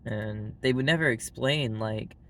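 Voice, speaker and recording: A man's voice: medium pitch, unhurried, a bit bright, a little hiss or hum. A man with a Southern US accent, talking bluntly and casually to the camera and leaning on "like" as a filler. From Arkansas, US. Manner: blunt and frank, heavy use of "like" fillers. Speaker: vlogger.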